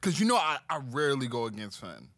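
A man co-hosting a casual chat, easygoing and relaxed, sometimes trailing off into soft mumbles. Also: medium pitch, quick pace. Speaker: podcast co-host.

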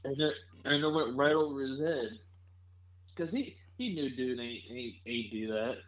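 A man's voice: medium pitch, expressive, normal speed, muffled recording. A man co-hosting a podcast in laid-back casual chat, often checking facts with "right?". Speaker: podcast co-host.

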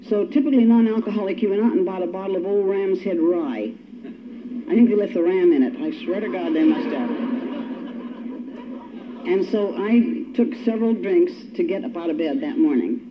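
An older woman giving a personal testimony at a recovery meeting, telling her story in a wry, self-mocking way. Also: fairly low pitch. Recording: dull lo-fi recording with faint hiss.

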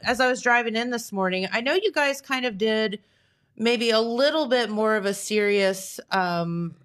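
A woman's voice: a little high, moderate pace, a bit bright, clean tone. Giggly, bubbly female morning host. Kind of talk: casual studio chat. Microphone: shared studio microphone.

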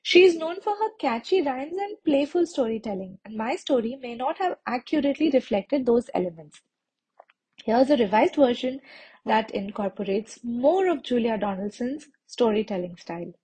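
Mellow, husky-voiced woman storyteller. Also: fairly high pitch, moderate pace, low-quality recording. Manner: expressive, sing-song rhyming delivery, switches between English and Hindi. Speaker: channel host reading stories for children. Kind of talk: read-aloud storytelling with casual commentary.

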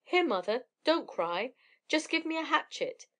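A woman's voice: high-pitched, very animated, unhurried, voice pushed up. A woman voicing a brave young male hero who calls out bold commands in a storybook reading. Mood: urgent.

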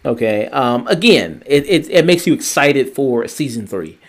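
A man co-hosting a casual review podcast, rambling and excitable, swearing casually. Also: medium pitch, normal speed. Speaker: podcast co-host.

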